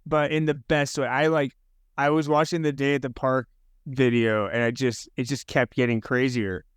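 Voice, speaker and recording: Upbeat smooth-voiced male podcast host. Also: medium pitch, dry recording, clean studio sound. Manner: relaxed, encouraging, quick back-channel replies. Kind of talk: casual podcast interview. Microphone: headphones and podcast mic.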